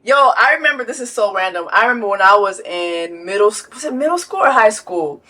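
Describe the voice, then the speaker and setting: A woman hosting a casual reaction commentary, loud and profane, breaking into laughter and talking straight to her viewers. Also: mid-range voice, expressive, brisk. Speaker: host.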